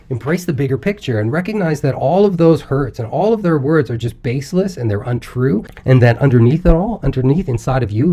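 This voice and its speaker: Male coach, mid-pitched voice, calm encouraging self-help delivery with a chatty edge. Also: slightly rough. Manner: casual asides and occasional laughs. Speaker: recovery coach. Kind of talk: self-help video talk.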